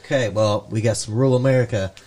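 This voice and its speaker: A man's voice: fairly low pitch, fast talker, very noisy. A man hosting a casual podcast, joking around and swearing freely. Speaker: podcast host. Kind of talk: casual chat.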